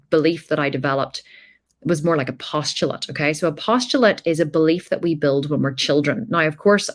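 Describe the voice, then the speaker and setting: A woman hosting a podcast, telling a personal story in a blunt, emphatic way and swearing freely. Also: sits low. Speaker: podcast host.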